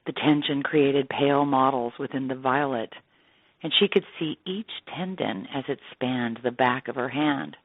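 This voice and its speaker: Woman, storytelling narration, measured and expressive, tinny phone-like sound, dry. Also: rumbling low, dry recording. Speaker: actress reading an essay. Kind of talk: scripted narration.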